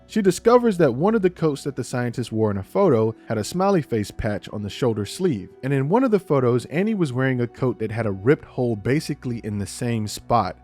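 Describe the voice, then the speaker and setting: A young man talks through a TV episode recap in a loose, joking way and swears now and then. His pitch sits in the middle of the range but rises and falls a lot. Faint music plays underneath. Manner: lively, casual and joking, swears freely. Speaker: TV recap reviewer.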